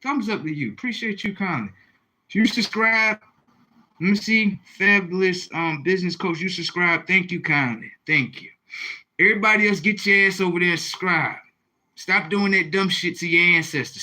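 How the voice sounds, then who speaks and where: A man's voice: sits high, moderate pace, pushed and bright, rough recording. A man hosting a livestream, talking casually and profanely, rambling and reading out viewer comments. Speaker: livestream host.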